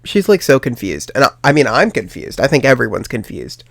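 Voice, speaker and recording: A young man recounts a story on his podcast, rambling and full of ums as he replays both sides of the conversation. His voice sits at an ordinary middle pitch. The sound is dry, with no room echo. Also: very animated, a little fast, vocal fry, fairly bright tone. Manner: rambling, many ums, quotes others in dialogue. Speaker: podcast host. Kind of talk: casual storytelling.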